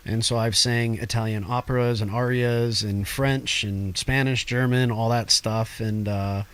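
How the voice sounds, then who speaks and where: Male guest vocalist, mid-pitched, talkative and laughing easily; casual interview. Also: measured pace, smooth. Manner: laughs often, animated and talkative.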